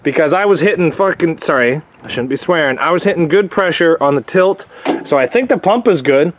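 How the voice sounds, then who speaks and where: A man speaks casually to camera from his workshop yard, venting about a machine that won't work. His voice sits a little high, and he rambles and restarts as he explains. Faint background noise runs under the recording. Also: lively intonation, brisk. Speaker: vlogger, shop owner.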